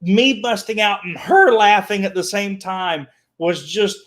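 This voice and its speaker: A man telling animated stories as a guest on a talk show, repeating words and acting out the people he quotes. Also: high-pitched, measured pace. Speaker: guest, children's entertainer. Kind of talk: animated storytelling.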